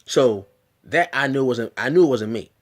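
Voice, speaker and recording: A man's voice: medium pitch, expressive, normal speed. Male vlogger, mid-range voice, earnest and emphatic storytelling with repeated restarts. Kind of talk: personal storytelling.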